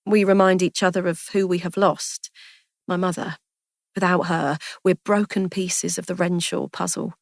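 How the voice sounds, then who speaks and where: A woman reading a story, voicing a kind, impulsive young woman who speaks in a lively, affectionate way. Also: fairly low pitch, normal speed, creaky, no echo, clean studio sound. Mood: warm.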